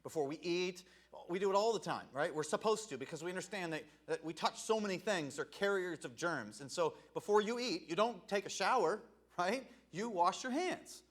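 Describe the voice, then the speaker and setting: A middle-aged male evangelist delivers a casual, talky sermon. His voice sits high for a man and swings widely in pitch. He checks in with his listeners and laughs at his own asides. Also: lively intonation, moderate pace, a bit bright. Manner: conversational, asks "right?" often, laughs at himself. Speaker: evangelist preacher.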